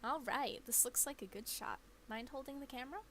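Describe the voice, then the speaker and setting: A woman voicing a friendly, easygoing young woman in a game, reading her lines in a relaxed, natural way. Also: high-pitched, a little fast, a little hiss or hum, pitched above the performer's own voice. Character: cheerful young woman, a friendly cryptid hunter.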